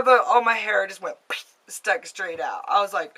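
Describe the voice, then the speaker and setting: A woman's voice: medium pitch, moderate pace, sharp tone. A woman telling a ghost story to camera in a casual, rambling way, filled with fillers, recorded in her home basement. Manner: chatty, rambling, with many fillers. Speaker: vlogger telling ghost stories.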